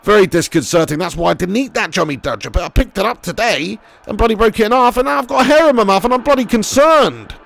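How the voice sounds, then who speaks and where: A young man live-streaming a football game, commentating excitably, swearing freely and chatting with viewers. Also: sits high, fast, gravelly, hardly any pauses.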